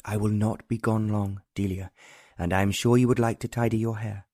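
A protective English nobleman, voiced by a male narrator in a romance audiobook, quiet and earnest. The voice is mellow and warm, recorded dry and close. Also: on the low side, steady tone, brisk, dry recording, lightly acted. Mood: tender, resolute.

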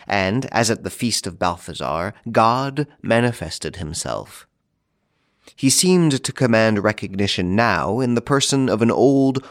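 A man reading a classic novel aloud in a measured, formal narration. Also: on the low side, dry recording, clean studio sound. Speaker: audiobook narrator. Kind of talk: scripted narration.

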